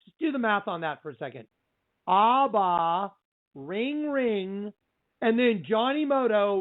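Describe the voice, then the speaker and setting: A man hosting a radio show, retelling a movie scene by scene in an animated, repetitive, preachy way. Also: high voice, takes it slowly. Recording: tinny phone-line sound.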